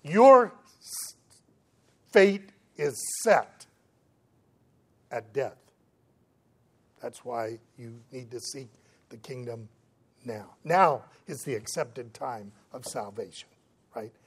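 A man preaching a sermon to his congregation, who often checks in with the listeners and breaks into lively voices for the people in the story. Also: medium pitch, takes it slowly, pauses often, husky. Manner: animated preaching, acts out the voices of the figures in the story; checks in with the listeners, asking "right?" again and again. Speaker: pastor.

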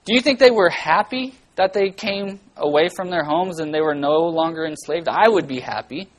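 Speaking at normal speed and medium pitch, a children's church teacher gives an energetic Bible lesson full of questions for the kids and sudden loud, theatrical bursts. Audio quality is poor.

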